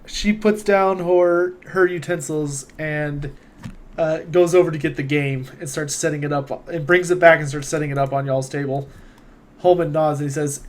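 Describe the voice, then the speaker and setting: A man narrating a tabletop role-playing game as game master, unhurried and hesitant with fillers. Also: on the high side, steady tone.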